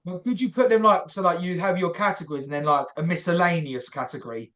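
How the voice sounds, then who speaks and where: A man hosting a podcast, asking loose, relaxed questions in casual chat. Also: high voice, quick pace. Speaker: podcast host.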